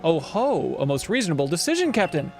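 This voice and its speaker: Man doing a jovial clumsy professor, old-fashioned phrasing, slightly high voice. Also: sing-song, a little fast, soft background music. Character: chatty bumbling male professor.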